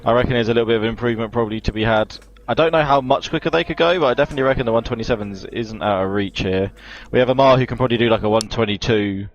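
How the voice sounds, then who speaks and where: A man calmly calling a sim racing qualifying session, with dry humour. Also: medium pitch, very fast, hardly any pauses. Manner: laid-back, dry humour. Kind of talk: live esports race commentary. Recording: slightly dull lo-fi mic.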